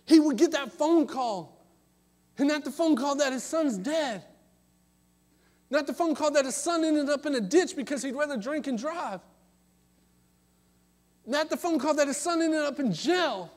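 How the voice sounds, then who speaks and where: A preacher with a very high voice, pleading and passionate, dropping to hushed tones and then rising to calls. His sermon rings with a long reverb through a church sanctuary. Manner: impassioned, swings between loud calls and hushed asides.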